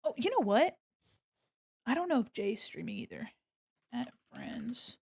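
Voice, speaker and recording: On a livestream, a woman chats casually with her viewers as she draws, narrating each step with silly jokes and bursts of laughter. Her voice sits on the high side with wildly swooping pitch, and it's a little slow, creaky, darkish and slightly rough.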